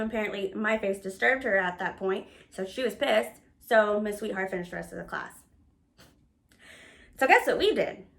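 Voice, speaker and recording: A woman in her thirties casually telling a personal story in a candid, animated way, with plenty of swearing. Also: fairly high pitch. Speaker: storyteller recounting work life.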